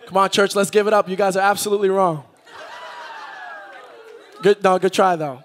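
A man preaching a sermon to a live church congregation, repeating phrases and building to loud, shouted peaks. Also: high voice, steady tone, moderate pace, pauses often, some chatter behind. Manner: engages the congregation directly.

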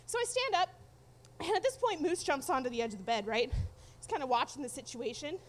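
A woman's voice: high voice, animated, fairly quick. A young adult woman telling a personal story to an audience, candid, profane and wry.

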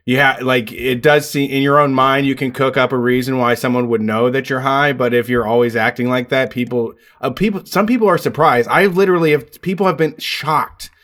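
A man's voice: mid-range voice, fairly even intonation, a little fast, hardly any pauses, fairly bright tone. A man chatting casually, laid-back, offering jokey advice. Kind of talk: casual chat.

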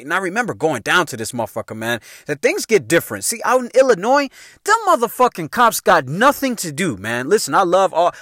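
A man with a Chicago accent spins a casual, profanity-laced story and laughs often along the way. His voice sits somewhat high and leaps around with lively intonation. The recording is dry, with no room sound. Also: dry recording. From South Side of Chicago. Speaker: podcast host.

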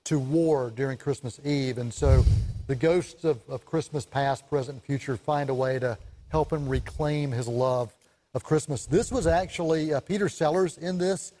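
A man co-hosting a casual talk show about movies, chatty and animated, laughing often as he tells stories. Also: mid-range voice, moderate pace. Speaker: co-host, film reviewer.

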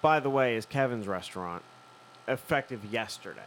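A man from Philadelphia telling a long story in casual chat, profane and animated. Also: medium pitch, moderate pace, a little hiss or hum, poor audio. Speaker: podcast host telling a story.

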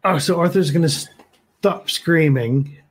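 Husky-voiced man playing a tabletop game. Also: a little high, slow. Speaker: player. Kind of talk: casual tabletop play.

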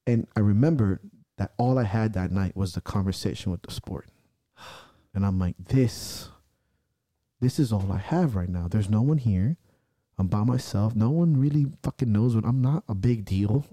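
Intense, profane man with a dark voice. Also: lowish voice, normal speed, no echo, clean studio sound. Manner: intense, profane storytelling, acting out his own shouted self-talk. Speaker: strongman athlete and podcast guest. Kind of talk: casual podcast conversation.

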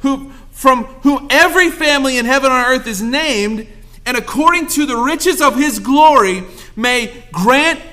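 Bright-voiced man preaching a sermon. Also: extremely high pitch, moderate pace. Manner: preaching with call-and-response asides to the congregation. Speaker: pastor. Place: church sanctuary.

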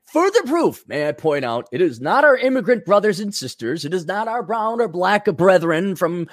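A man's voice: high-pitched, no echo, studio quality. A man hosting a podcast, ranting with profanity and sarcasm and reading out viewer donations. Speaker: podcast host.

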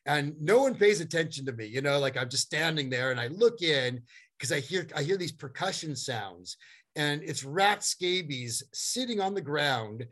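Animated middle-aged man telling stories. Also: a little high, moderate pace. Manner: animated, rambling, many fillers and restarts. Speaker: guest. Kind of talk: storytelling in a conversation.

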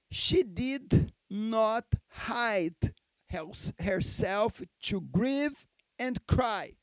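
A man's voice: high-pitched, no echo. A male pastor with Portuguese as his first language, preaching an emphatic sermon in English, repeating key phrases and calling for amens. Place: church.

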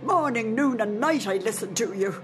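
A woman's voice: fairly high pitch, animated, normal speed, over music, lightly acted. An Irish actress playing a fiercely loyal old nurse who reared a girl, spirited and argumentative, in a radio drama. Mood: pleading.

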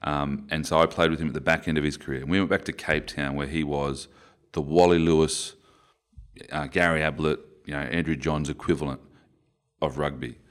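With a bass voice that is steady, fairly bright and slightly quick, an Australian man in his forties, a former rugby player, shares stories in a conversational interview. He rambles and keeps correcting himself.

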